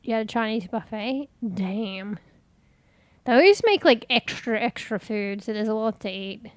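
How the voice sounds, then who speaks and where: A woman's voice: a little high, expressive, normal speed, dry recording. Chatty woman streamer. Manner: rambling, chatty, swears casually. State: congested. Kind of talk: casual stream chat.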